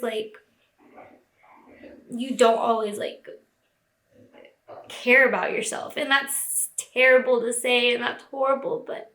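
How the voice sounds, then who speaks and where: A woman's voice: a little high, a bit bright. A young woman crying as she talks through a personal vlog, with lots of "like" fillers. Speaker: vlogger. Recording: echoey room.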